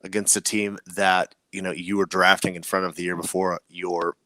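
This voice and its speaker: A man's voice: sits low, flat delivery, normal speed, sharp tone, slight background noise, poor audio. A young adult man on a casual sports podcast who drops dry, sarcastic quips. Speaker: podcast co-host. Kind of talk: casual chat.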